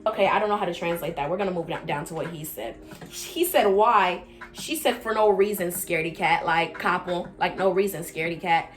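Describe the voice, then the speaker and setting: Animated young woman telling a storytime. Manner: animated, acts out quoted lines with big pitch jumps; drops to a low, quiet aside between quotes. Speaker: vlogger. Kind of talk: casual storytime.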